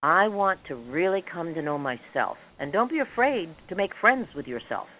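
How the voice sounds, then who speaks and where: A woman guest on a talk show, speaking in a measured, reflective way. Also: on the low side, sing-song, fairly bright tone. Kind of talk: interview conversation. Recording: dull lo-fi line with faint noise.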